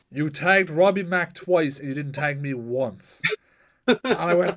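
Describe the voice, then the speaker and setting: A man hosting a casual podcast interview, telling animated stories and swearing freely. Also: medium pitch, normal speed. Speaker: podcast host.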